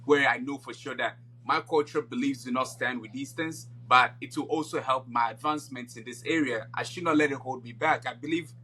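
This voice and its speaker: A man's voice: mid-range voice, fairly quick, few pauses, sharp tone, a little hiss or hum. A man from Ghana co-hosting a podcast in casual chat, laying out his views at length and often checking in with "you know". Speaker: podcast co-host.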